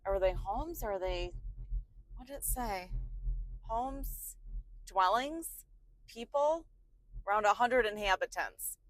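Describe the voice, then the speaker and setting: A woman's voice: mid-range voice, lively intonation, slow pace, pauses often. A woman vlogging a road trip in a casual, chatty way, full of exclamations and the filler "like". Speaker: travel vlogger. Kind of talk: casual travel chat. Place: traveling by car.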